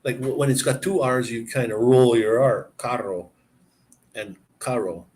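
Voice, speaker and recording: A man chatting casually and explaining words, halting and searching for words as he goes. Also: medium pitch, steady tone, darkish tone, slight background noise. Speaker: person explaining language to a visitor. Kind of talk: casual chat.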